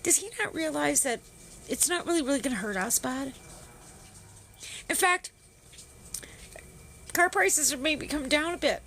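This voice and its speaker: Bright, foul-mouthed woman ranting. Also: high voice, expressive, measured pace, creaky, pauses often, slight background noise. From Canada. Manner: profane, sarcastic, heavy swearing, greets viewers. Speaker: livestream host. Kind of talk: casual ranting livestream chat.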